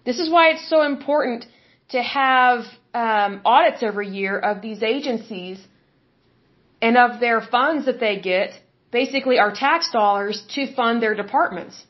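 A woman's voice: on the high side, unhurried. A woman hosting a podcast, giving opinionated solo commentary in an emphatic, conversational way that circles back to her points, with a touch of hiccups. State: has hiccups. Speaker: podcast host. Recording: slightly dull lo-fi recording.

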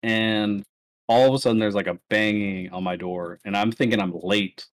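A man's voice: lowish voice, steady tone, moderate pace, dry recording. A man, a soldier in his thirties with kids, telling laid-back stories on a podcast and laughing through them. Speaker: podcast guest, army soldier. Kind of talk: casual storytelling.

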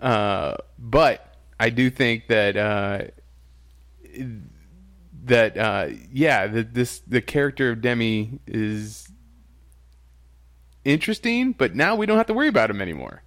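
A man's voice: medium pitch, animated, a little slow, long pauses, fairly bright tone, dry recording. A man in casual chat reviewing a TV episode as a podcast host, chatty, often laughing and restarting his sentences.

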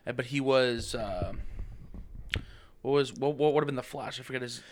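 A man co-hosting a podcast in casual chat, telling stories with animated retellings of conversations. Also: mid-range voice, normal speed, a little hiss or hum. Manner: animated storytelling, acts out quoted dialogue. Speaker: podcast co-host.

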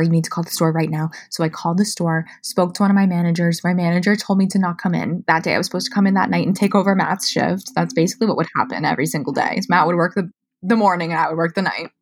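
A young woman co-hosting a podcast, telling a story in a casual, animated way that is full of swearing and "like". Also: fairly low pitch, fast talker. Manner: animated, profane, lots of "like". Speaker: podcast co-host.

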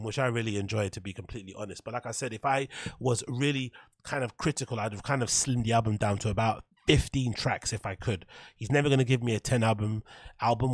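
Fast-talking man rambling on a podcast. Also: medium pitch, no echo. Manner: rambling, candid, heavy on fillers and swearing. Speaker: podcast host. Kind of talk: casual solo podcast monologue.

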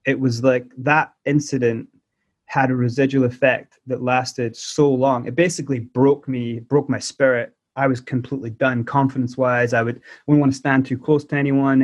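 A man's voice: medium pitch, level tone, fairly quick, darkish tone. Man, forties, Scottish accent with South African traces, rambling storyteller, dull lo-fi sound. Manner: rambling, many restarts and "like" fillers. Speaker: podcast guest, musician. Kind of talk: casual interview storytelling. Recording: dull lo-fi audio.

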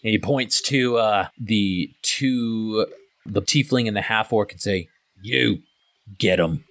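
A man's voice: lowish voice, unhurried, a bit bright, dry recording. A man narrating as game master in a tabletop game, loose and casual with many fillers.

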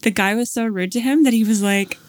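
A brisk woman with a fairly high voice tells a lengthy story in casual conversation. Animated throughout, she plays out people's words and peppers her talk with fillers.

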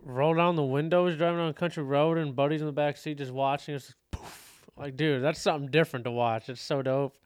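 A young man with a Midwestern American accent, co-hosting a podcast in relaxed casual chat, giving short reactions and advice. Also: fairly high pitch, a little fast, hardly any pauses, clear, resonant tone, dry recording. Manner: laid-back, offers short reactions and advice. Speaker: podcast co-host.

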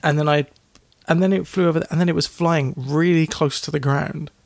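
A man's voice: fairly high pitch, steady tone, fairly quick, gravelly, no room sound. A man co-hosting a podcast, joking crudely, swearing often and laughing mid-sentence. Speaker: podcast co-host. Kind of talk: crude casual banter.

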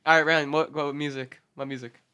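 A man hosts a casual podcast with a bright, slightly high voice. He laughs a lot and keeps steering the chat to the next topic. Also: level tone, a little fast, clean tone. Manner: laughs often, moves topics along. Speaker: podcast host.

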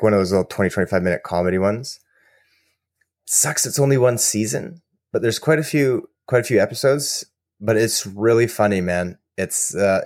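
A man co-hosting a podcast, telling rambling, animated stories in casual chat. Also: sits low, no echo, clean studio sound. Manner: rambling, animated storyteller with fillers. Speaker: podcast co-host.

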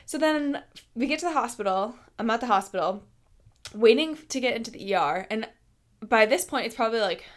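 A young woman in her twenties, a podcast host telling a personal story in a casual, animated way, laughing often and using lots of fillers. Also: on the high side, brisk.

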